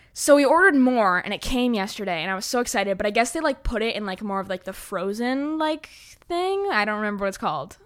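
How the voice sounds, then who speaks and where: A teenage girl hosting her own podcast, rambling casually with lots of "like" and "um" and plenty of self-deprecating asides. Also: medium pitch. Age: teens. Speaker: podcast host. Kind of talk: casual solo podcast chat.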